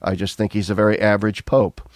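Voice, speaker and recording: A man's voice: on the low side, little pitch movement, fast talker, no room sound, studio quality. A man, a priest co-hosting a podcast, talking frankly and animatedly in casual chat with many restarts.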